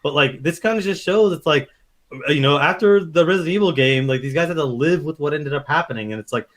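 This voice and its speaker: A young man co-hosting a podcast, giving casual game opinions, animated and profane, acting out quotes. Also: fairly high pitch, quick pace. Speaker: podcast co-host. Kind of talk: casual review chat.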